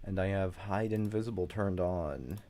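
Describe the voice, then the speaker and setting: A man's voice: low-pitched, moderate pace, warm tone, a little hiss or hum. A man with a slight Southern US twang, rambling in casual chat while building a game level and apologizing for going off track. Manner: rambling, chatty, apologetic asides. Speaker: level creator streaming.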